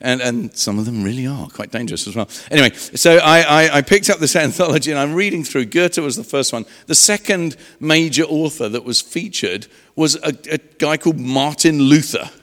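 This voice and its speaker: A man's voice: fairly high pitch, animated, normal speed, hardly any pauses, fairly bright tone. A man telling his own story in a sermon, conversational, with restarts and asides. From England. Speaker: preacher. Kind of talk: sermon testimony. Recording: long reverb of a large hall.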